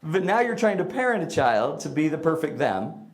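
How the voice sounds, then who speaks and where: A middle-aged man giving a humorous storytelling talk about parenting to an audience, comic and animated, breaking into shouted bursts. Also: on the high side, normal speed.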